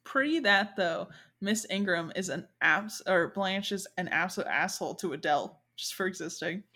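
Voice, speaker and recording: Woman podcast host, chatty, animated storyteller, casual book talk. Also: lowish voice, moderate pace. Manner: chatty, animated retelling with quoted voices. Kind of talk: casual chat.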